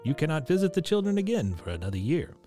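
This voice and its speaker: Man voicing a gentle, regretful cave daemon. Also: fairly high pitch, big pitch swings, fast talker, soft background music, pitched above the performer's own voice. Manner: soft, pleasant and pleading. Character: soft-spoken male cave spirit, gentle and regretful.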